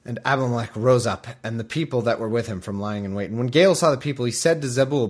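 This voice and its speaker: A man's voice: mid-range voice, fast talker, hardly any pauses. A man hosting a podcast, reading scripture with jokey asides, rambling and wired on caffeine. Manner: rambling, self-interrupting, jokey. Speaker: podcast host.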